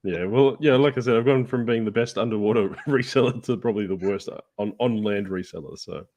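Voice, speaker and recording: A man's voice: on the low side, fairly quick, darkish tone. A man with an Australian accent, a guest chatting casually on a live stream, rambling and easygoing with frequent chuckles. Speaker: guest reseller.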